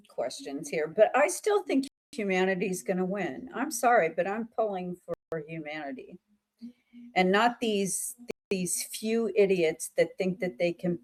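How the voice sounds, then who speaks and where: A woman hosting a psychic show in casual livestream chat, chatty and laughing, with many fillers. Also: lowish voice.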